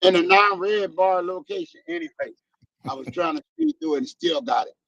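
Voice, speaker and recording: A man's voice: sits high, huge pitch swings, normal speed, gravelly, fairly bright tone, no room sound. A man co-hosting a casual morning show by video call, talking in a reflective, folksy way. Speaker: co-host. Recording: dull lo-fi call audio.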